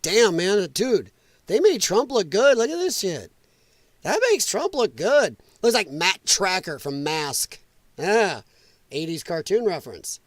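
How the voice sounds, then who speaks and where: Blunt high-voiced man streaming. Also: big pitch swings, measured pace, no room sound. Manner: loose, blunt, laughs at clips. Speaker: livestream host. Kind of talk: casual livestream commentary.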